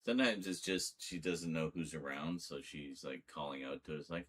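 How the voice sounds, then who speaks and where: A middle-aged man chatting casually to camera at home, relaxed and rambling. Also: moderate pace. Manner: relaxed and rambling, slipping into a high sing-song voice to talk to his cat. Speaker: vlogger.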